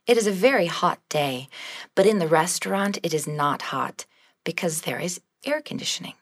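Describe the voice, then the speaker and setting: A woman narrating a beginner English lesson with measured, clear reading. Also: low voice, a bit bright. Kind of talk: scripted narration.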